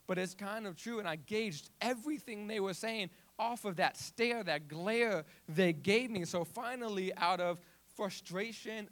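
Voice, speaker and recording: A man's voice: high-pitched, a bit bright. A young man with a stutter telling his personal testimony, often restarting words and telling the story with animation. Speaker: youth ministry volunteer.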